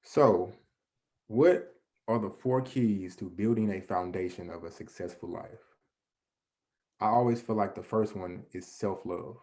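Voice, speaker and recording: An earnest man delivers a motivational presentation in a fairly low voice. He talks conversationally, restarting sentences and leaning on "you know", and often poses questions that he answers himself. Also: measured pace, darkish tone. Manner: asks and answers his own questions. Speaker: guest presenter.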